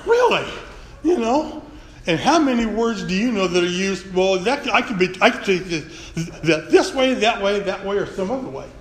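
High-voiced preacher in an echoey hall. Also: male voice, lively intonation, moderate pace, hardly any pauses, fairly bright tone. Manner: folksy, earnest, emphatic. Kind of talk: sermon. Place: church sanctuary. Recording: echoey church hall, faint room noise.

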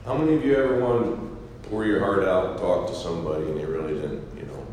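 A man preaching a sermon, dropping to a hush for scripture quotes and rising loud for emphatic asides. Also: low voice, fast, slight background noise. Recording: echoey hall with faint ambience.

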